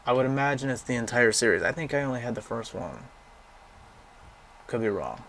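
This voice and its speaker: A young man talks loosely over a list of games, cursing freely and giving blunt verdicts. His voice sits at an ordinary middle pitch. A faint hiss runs underneath. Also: expressive, brisk, vocal fry, a bit bright. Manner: rambling, profane, blunt opinions. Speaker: gaming vlogger. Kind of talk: casual commentary browsing a game library.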